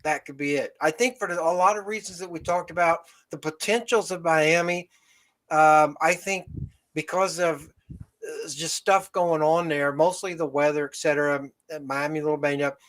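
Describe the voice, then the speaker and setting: A man hosting a casual sports talk show, giving measured opinions and thinking aloud. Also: a little high, steady tone, a bit bright. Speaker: podcast host.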